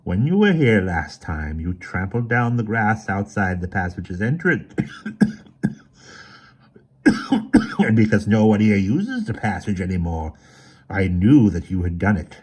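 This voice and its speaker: A man voicing a vengeful evil sorcerer overlord with a harsh, grating, slow and gloating voice. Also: lowish voice, very animated, darkish tone, breathy edge, voice pushed up. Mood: menacing.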